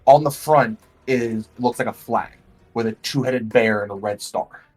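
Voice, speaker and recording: Husky-voiced man running a tabletop game. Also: mid-range voice, unhurried, a little mellow, faint music behind, poor audio. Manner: loose, filler-heavy description. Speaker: game master.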